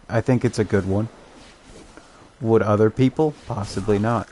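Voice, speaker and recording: A man's voice: on the low side, fairly even intonation, normal speed, dark tone, slight background noise. A young man, chatting casually while streaming a game, rambling and amused at his own jokes. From Canada. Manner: rambling, self-amused, joking asides. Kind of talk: casual commentary while gaming.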